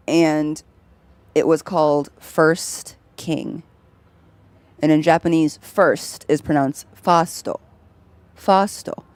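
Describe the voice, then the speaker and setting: Streaming a game, a young woman chats and laughs frequently as she explains things, doing voices in her anecdotes. She speaks in a low, smooth voice with a darkish tone, and the recording is dry.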